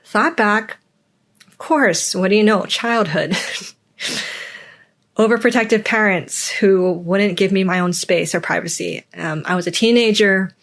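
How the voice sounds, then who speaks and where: A woman's voice: mid-range voice, a little slow, fairly bright tone. Candid woman musing on her own feelings. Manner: candid, acts out quoted voices. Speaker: podcast host. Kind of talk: personal reflective monologue.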